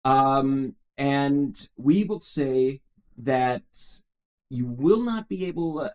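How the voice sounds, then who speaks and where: A man running a tabletop game as game master, chatting casually and halting often on filler sounds before returning to the story. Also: mid-range voice, animated, darkish tone.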